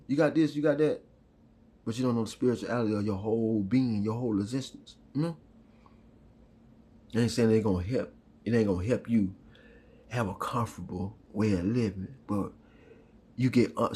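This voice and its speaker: Husky-voiced man preaching with profane fervor. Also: on the low side, mellow. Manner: swearing, rhythmic, repeats "huh?" and "you feel me?". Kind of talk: impassioned street preaching monologue.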